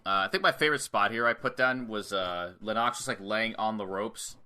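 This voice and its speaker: A man's voice: on the low side, a little fast, clean tone. A young man co-hosting a podcast, casually recapping a wrestling match blow by blow and acting out what the wrestlers say. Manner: animated play-by-play with acted-out quotes and swearing. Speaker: podcast co-host.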